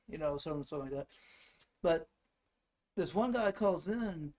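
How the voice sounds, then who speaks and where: This channel host's voice is fairly high-pitched with a darkish tone, animated and moderately paced, broken by long pauses. He casually tells rambling comic stories and laughs at his own jokes.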